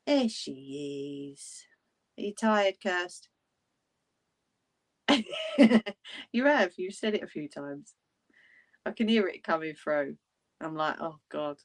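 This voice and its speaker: A woman's voice: mid-range voice, big pitch swings, takes it slowly, long pauses. A woman chatting casually with livestream viewers, blunt and laughing often. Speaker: livestream host.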